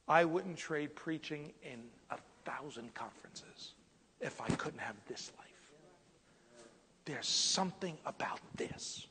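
A man preaching a sermon as a story, lively and animated, sometimes dropping to a hushed whisper. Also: medium pitch, unhurried, big-room sound.

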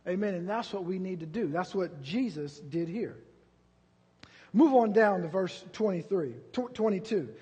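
A pastor preaching a sermon, moving from quiet storytelling to loud, drawn-out preaching. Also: male voice, high voice, expressive, slightly rough, long reverb tail.

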